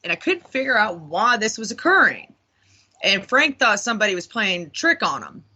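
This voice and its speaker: A woman guest on a paranormal talk radio show, telling a long, animated story with many fillers. Her voice is bright and forward. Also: medium pitch, normal speed, husky. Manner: rambling, animated retelling with lots of fillers.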